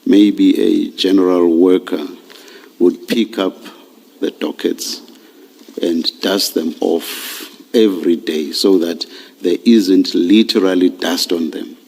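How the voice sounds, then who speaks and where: A man chairing a commission hearing, questioning a witness slowly and deliberately, often repeating words. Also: low-pitched, steady tone, gravelly, dark tone. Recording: long reverb of a large hearing room.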